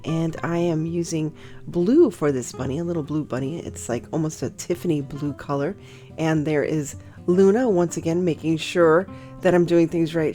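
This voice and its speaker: Chatty, gushing woman crafter, soft music. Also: lowish voice. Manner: gushing, cheerful, chatty with small fillers. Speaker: crafting channel host. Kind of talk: chatty crafting tutorial narration. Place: home craft room at her table.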